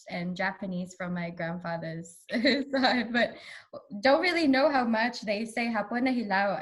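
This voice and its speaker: A young woman born in the Philippines, with a Filipino accent carrying an American English twang, hesitantly chatting as a podcast guest. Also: medium pitch. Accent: Filipino with American English and Australian touches. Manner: hesitant, many fillers. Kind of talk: casual podcast chat.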